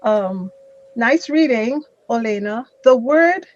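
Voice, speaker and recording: A fairly high-voiced woman teaching English grammar over a video call, patient and slow in her explanations. The audio is dull and lo-fi, like an online call. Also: lively intonation. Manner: patient, explains slowly with examples.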